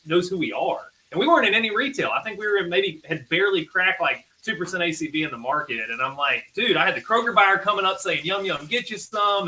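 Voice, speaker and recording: Bright-voiced energetic man from Kentucky. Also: a little high, rough recording. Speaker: guest, salesman. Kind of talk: casual podcast conversation.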